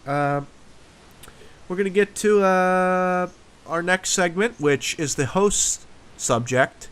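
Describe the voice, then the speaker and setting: A man hosting a casual gaming podcast, upbeat and bossy, quick to laugh. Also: sits high, fairly bright tone, smooth. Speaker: podcast host. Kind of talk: casual chat.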